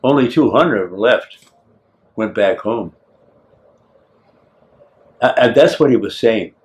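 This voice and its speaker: An older man, a war veteran, telling his story in an oral history interview with a teasing, lively manner. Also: fairly low pitch, takes it slowly. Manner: lively, acts out scenes, teasing.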